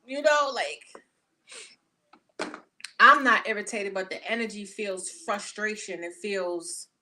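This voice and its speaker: Young woman doing a tarot reading, bright sharp voice, blunt and cussing a lot, super animated. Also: medium pitch, takes it slowly, a little hiss or hum. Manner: blunt, profane, animated storytelling. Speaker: tarot reader. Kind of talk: casual tarot reading monologue.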